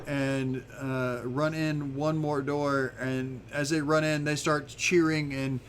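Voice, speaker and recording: A man's voice: mid-range voice, slow, a little hiss or hum. Easygoing man narrating as game master. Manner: relaxed, rambling, many fillers and restarts.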